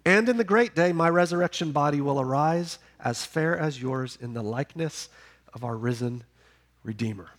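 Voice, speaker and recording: Emphatic man preaching a sermon. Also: normal speed. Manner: emphatic, building to loud peaks then dropping low. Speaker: pastor.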